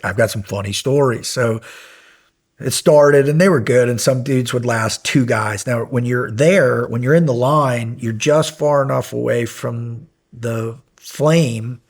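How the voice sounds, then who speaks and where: A man in his fifties, a podcast guest and former Navy SEAL, telling stories in a casual interview, animated at times and dropping to quiet intensity at others. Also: mid-range voice, a little slow.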